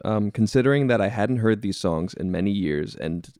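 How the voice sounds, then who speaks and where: Young male podcast guest, easygoing and self-mocking, low voice, dead-dry recording. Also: normal speed, no echo. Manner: relaxed, laughing, self-deprecating. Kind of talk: casual chat.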